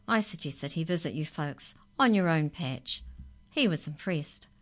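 A woman's voice: sits low, animated, a little slow. A woman voicing a good-humoured, teasing father in a children's story. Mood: amused. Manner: warm, teasing.

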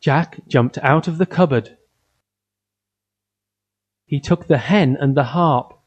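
A man reading a simple fairy tale aloud for children, in an even storytelling way. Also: on the high side. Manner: slow, simple, evenly paced storytelling. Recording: dull lo-fi recording.

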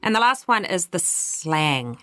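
A woman's voice: fairly low pitch, very animated, a little slow, bright, forceful tone, dry recording, clean studio sound. A woman with a New Zealand accent, answering interview questions as a workplace culture adviser, explaining patiently. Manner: explanatory, quotes others in livelier voices.

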